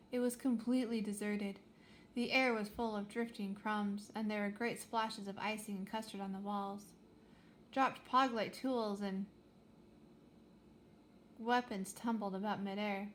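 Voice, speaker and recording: A woman reading a children's space adventure aloud with lively, expressive storytelling. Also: mid-range voice, a little hiss or hum. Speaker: reader.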